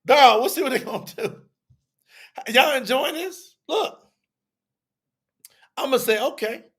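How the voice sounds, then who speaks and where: A man's voice: very high-pitched, lively intonation, slow, fairly bright tone, husky. A man teaching a live audience on a religious telethon, chatty and repetitive, acting out both sides of an argument as he explains.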